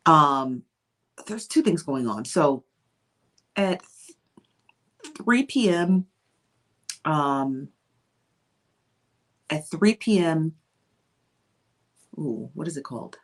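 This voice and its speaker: A woman with a notably low-pitched voice hosts a casual live stream. She chats loosely and greets her viewers one by one by name. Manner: chatty, greets viewers by name, drops into whispers. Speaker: livestream host.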